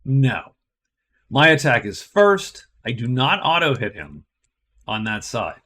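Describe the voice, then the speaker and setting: Guy narrating his solo board game, thinking out loud move by move, mid pitch. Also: big pitch swings, slow pace. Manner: thinking aloud, explaining each move step by step.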